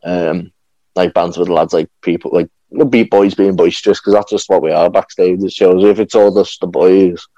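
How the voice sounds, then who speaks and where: A man's voice: deep voice, steady tone, normal speed, dark tone, no echo, dull audio. A young man chatting casually as a podcast guest, rambling with lots of fillers and restarts. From England. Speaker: guest, professional wrestler.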